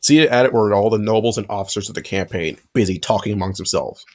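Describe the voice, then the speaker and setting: A man's voice: fairly low pitch, quick pace. A man narrating a fanfic aloud with friends, in a casual reading with occasional slips.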